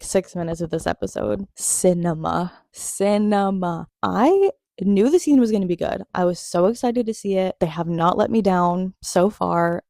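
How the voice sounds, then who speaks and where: A young woman chats excitedly through a TV recap and gushes over her favorite scenes. Her voice sits a little low and sounds mellow and warm. The sound is dry, with no room echo. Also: gravelly. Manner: gushing, excitable, laughs often. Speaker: TV recap vlogger. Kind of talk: casual chatty recap.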